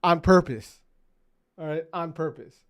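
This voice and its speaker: A man with a slightly high, fairly bright and clean voice streams gameplay at a measured pace. His casual commentary turns into profane, repetitive rants at his teammates while game gunfire sounds in the background.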